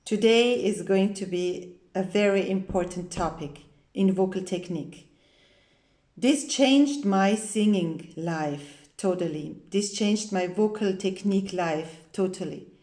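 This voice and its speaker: Slow, emphatic woman vocal teacher, roomy echo. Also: darkish tone. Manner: emphatic, repeats key points, demonstrates with low creaky sounds. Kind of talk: spoken singing lesson to camera.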